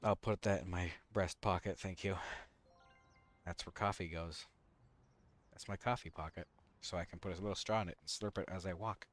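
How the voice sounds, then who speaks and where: Streamer: a man with a lowish voice, crude and joking. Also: steady tone, moderate pace. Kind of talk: casual gameplay commentary.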